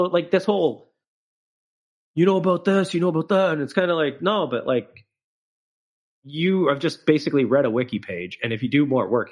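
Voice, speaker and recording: A man's voice: a little high, slightly rough. A man co-hosting a podcast, ranting with emphatic, profane opinions and frequent filler words. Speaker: podcast co-host. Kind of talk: casual podcast chat.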